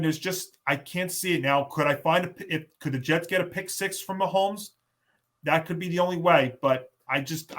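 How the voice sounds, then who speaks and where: Man, podcast host, bright tense voice, slightly high, emphatic, casual football picks chat. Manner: rambling, restarts, emphatic.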